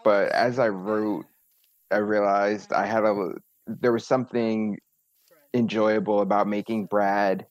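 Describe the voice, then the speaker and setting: A man's voice: lowish voice, steady tone, unhurried, no echo, highs cut off. A man who wrote the drama, talking reflectively in a casual chat with many fillers. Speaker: writer.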